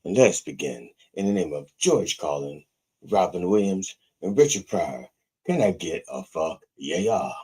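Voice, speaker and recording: A man with a deep, low-pitched voice preaches a mock sermon as a comic reverend. He rambles and swears freely between his blessings. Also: lively intonation, normal speed, a little mellow, breathy edge. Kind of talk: parody sermon.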